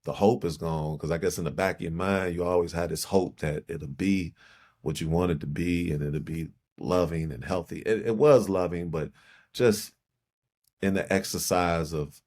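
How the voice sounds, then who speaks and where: Podcast guest: middle-aged Chicago man, very low voice, reflective and halting, repeats phrases. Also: steady tone, a little mellow. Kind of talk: personal storytelling in conversation.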